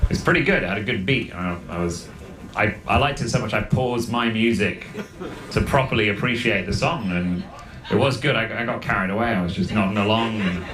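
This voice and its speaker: A British comedian with a lowish voice tells a wry, self-mocking story. The sound is roomy and echoing, like a clip played on air. He talks with dry comic timing. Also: a little fast. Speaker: stand-up comedian. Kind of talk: stand-up comedy bit.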